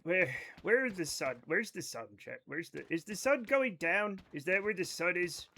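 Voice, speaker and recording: A man's voice: high-pitched, lively intonation, normal speed, pushed and bright. A man livestreaming a game, chatting casually with his viewers in a rambling, self-interrupting way, swearing now and then. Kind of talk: casual live-stream commentary to chat.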